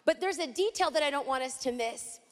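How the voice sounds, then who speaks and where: A woman Bible teacher from East Los Angeles preaching a sermon, dramatic and animated, acting out scenes as she teaches. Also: high-pitched, fairly quick. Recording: hall reverb.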